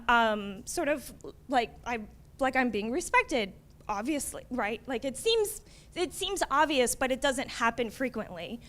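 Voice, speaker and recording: Woman librarian, high voice, casual presenter at a conference, chatty, checks in with the audience a lot. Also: fairly bright tone. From United States. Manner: conversational, frequent "um" and "right?" tags.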